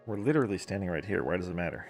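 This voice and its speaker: A man's voice: sits low, animated, very fast, gravelly, darkish tone, soft background music. A man streaming a video game, making dry, joking asides at the story. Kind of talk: let's-play commentary.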